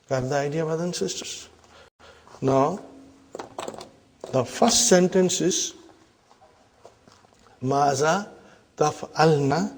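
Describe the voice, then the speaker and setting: A man teaches a grammar lesson at a deliberate, unhurried pace, repeating each term and checking in with "huh?" His voice sits a little high, and a long reverb trails his words, as in a large room. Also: a little mellow, slightly rough. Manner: slow, repetitive, addresses "brothers and sisters", checks understanding with "huh?". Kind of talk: explanatory lesson.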